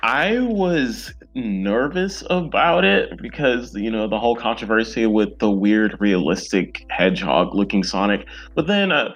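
A comic creator in his twenties guests on a podcast, chatting casually and eagerly, rambling with plenty of fillers. His voice is lowish and fairly bright with a breathy edge, and the sound is lo-fi.

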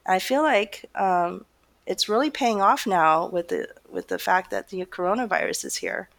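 A woman's voice: medium pitch, big pitch swings, moderate pace, vocal fry. A middle-aged woman talking casually as a guest, laughing often and rambling with many fillers. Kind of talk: casual conversation.

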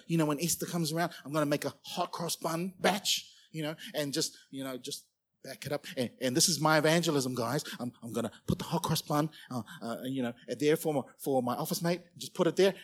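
A man voicing a timid male churchgoer who hesitates and mumbles in a low, quiet voice. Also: breathy edge. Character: timid male churchgoer avoiding talk of faith.

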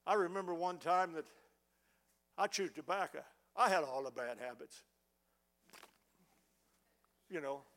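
A man's voice: fairly high pitch, measured pace, pauses often, a bit bright. A middle-aged man preaching a fervent sermon, often stammering as he restarts words. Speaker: pastor. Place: church sanctuary.

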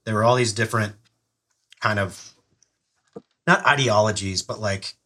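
A man's voice: lowish voice, unhurried, bright, forceful tone. A man, an army veteran and podcast guest, talking bluntly in casual chat with many restarts. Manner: blunt, swears, hesitant restarts.

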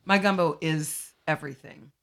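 A woman chats on a podcast, telling animated, emphatic stories. Her voice sits a little low but rings very bright. She was a classroom teacher before. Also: moderate pace. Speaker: podcast co-host, former teacher. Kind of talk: casual chat.

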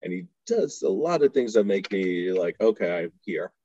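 A man's voice: fairly low pitch, very animated, moderate pace, dark tone, breathy edge, muffled recording. A man from Houston telling stories in casual chat as a podcast guest, laughing often and acting out the voices of people he quotes. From Houston, Texas. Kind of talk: casual storytelling.

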